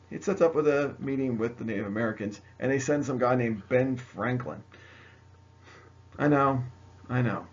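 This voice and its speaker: Gravelly joking male history teacher. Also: mid-range voice, dull audio. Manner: joking, chatty, addresses students directly. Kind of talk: recorded video lecture.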